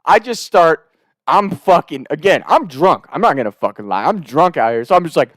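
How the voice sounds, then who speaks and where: A man's voice: on the high side, sing-song, normal speed, no echo, clean studio sound. A man casually telling a comic story, rambling and profane, laughing between his lines.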